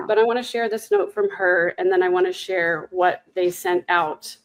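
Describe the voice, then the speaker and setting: A woman's voice: lowish voice, moderate pace. A woman hosting a conversational interview, talking candidly and reflectively with a wry edge. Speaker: host.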